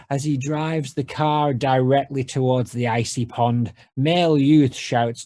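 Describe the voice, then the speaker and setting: A man co-hosts a casual podcast, narrating scenes with playful, deadpan wit. His voice sits in a middle register. The sound is close and dry, with no room around it. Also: mid-range voice, slow pace, no echo. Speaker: podcast co-host. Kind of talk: casual podcast chat, reading out scene descriptions.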